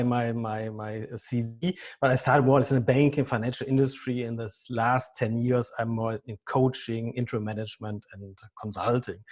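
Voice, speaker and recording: A man in his fifties with a German accent, a business consultant answering interview questions haltingly, often repeating words. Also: mid-range voice, darkish tone. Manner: halting, repeats words, non-native phrasing. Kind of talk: podcast interview.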